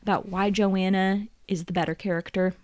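A woman's voice: mid-range voice, flat delivery, normal speed, darkish tone. A woman co-hosting a comedy podcast, playful and mock-solemn. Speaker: podcast co-host.

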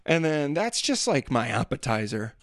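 A man's voice: mid-range voice, very animated, normal speed, a bit bright, no room sound, clean studio sound. A man telling rambling, self-deprecating stories about family life in a casual monologue. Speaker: father talking about daily life.

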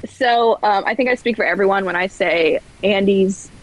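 A woman telling stories as a guest on a podcast, chatty and quick to laugh. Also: medium pitch, rough recording. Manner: chatty storyteller, laughs often. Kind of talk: casual podcast chat. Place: where floods hit badly.

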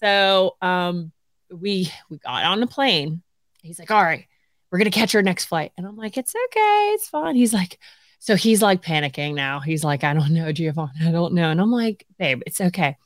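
A woman's voice: on the low side, normal speed, dry recording. A woman in her forties, co-hosting a podcast, telling a story in casual chat, laughing often and acting out what others said. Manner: animated, laughing often, acts out quotes. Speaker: podcast co-host.

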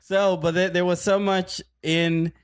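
A man's voice: high voice, flat delivery, a little slow, smooth. A man co-hosting a soccer podcast in casual chat, a stand-up comic who laughs often and restarts his sentences with nervous repeats. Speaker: podcast co-host.

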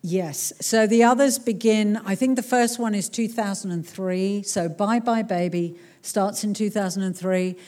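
A middle-aged woman author giving a live talk to an audience, telling a story in an animated way and laughing often. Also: medium pitch, unhurried, few pauses. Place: cultural centre hall before a crowd.

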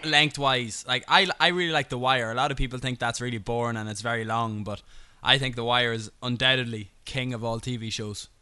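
A man's voice: mid-range voice, fairly even intonation, brisk, few pauses, pushed and bright, smooth. A man hosting a podcast, chatting casually with a playful, teasing manner. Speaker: podcast host. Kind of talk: casual chat.

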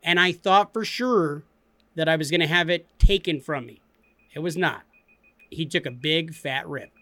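A man's voice: a little high, moderate pace, bright, forceful tone, dry recording. A man in his forties, a podcast co-host, telling a story in a laid-back way and laughing often. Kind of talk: casual storytelling.

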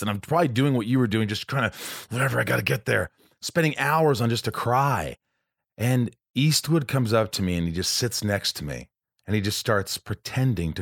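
A man's voice: on the low side, no echo, studio quality. A man hosting a casual podcast, sharing rambling, chatty stories with his guest. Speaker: podcast host.

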